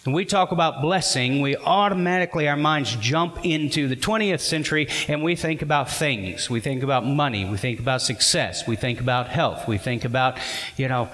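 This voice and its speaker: A man's voice: medium pitch, normal speed, a bit bright, in a large hall, rough recording. A man preaching a sermon as a pastor, earnest and putting questions to the congregation.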